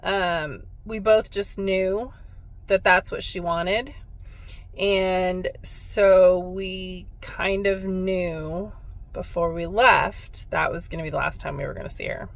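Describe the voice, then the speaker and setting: A woman's voice: fairly low pitch, fairly even intonation, slow, creaky. A woman who works as a spiritual medium, telling a personal story in a heartfelt, reflective way on her vlog.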